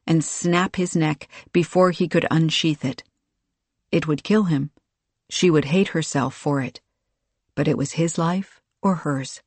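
A steady, measured audiobook narrator reading an action scene at a middling pitch. The recording is dry and close, with no room sound. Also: no room sound.

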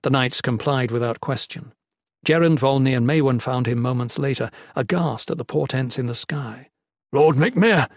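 A man narrating a fantasy audiobook in a steady, even storytelling voice. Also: medium pitch, normal speed, few pauses, breathy edge, no room sound, clean studio sound.

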